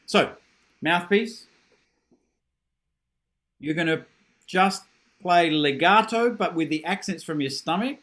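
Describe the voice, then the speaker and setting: A middle-aged man leads a horn masterclass over a video call, his voice pitched high for a man. He praises readily, jokes about himself and demonstrates with short sung syllables. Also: a bit bright. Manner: encouraging, self-deprecating, demonstrates with sung syllables. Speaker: horn teacher giving a masterclass.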